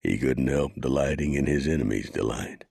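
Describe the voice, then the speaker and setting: Deep gravelly guy narrating a western audiobook, husky, dry close sound. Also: normal speed, darkish tone, no room sound. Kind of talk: scripted narration.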